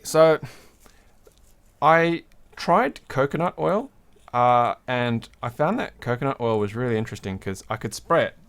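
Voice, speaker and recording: A man hosts a casual livestream from his workbench and explains each step as he works. He is chatty and relaxed in delivery, with a mid-range voice and the odd laugh. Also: mid-range voice. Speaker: livestream host. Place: home workbench.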